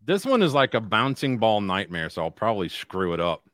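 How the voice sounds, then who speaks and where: A man's voice: on the low side, sing-song, a little fast. A man co-hosting a casual podcast, joking crudely and singing his own parody lyrics. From Alabama. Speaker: podcast co-host. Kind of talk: casual chat and song parodies.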